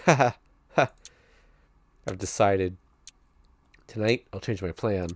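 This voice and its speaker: Low-voiced man reading a visual novel. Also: takes it slowly, pauses often, no room sound. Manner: steady first-person narration with chuckling asides.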